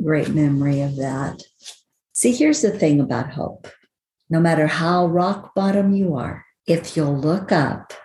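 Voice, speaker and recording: Low-voiced older woman teaching devotionally. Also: mellow. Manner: earnest, reflective storytelling. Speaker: podcast host, Bible teacher. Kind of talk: devotional podcast talk. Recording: roomy with faint background noise.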